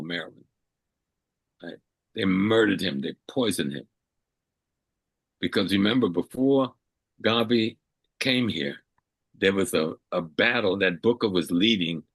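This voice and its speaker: Deep husky older man lecturing. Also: fairly bright tone, dry recording. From South Carolina, USA. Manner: emphatic, repeats phrases for weight. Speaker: elder guest. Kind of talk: interview answer, lecturing.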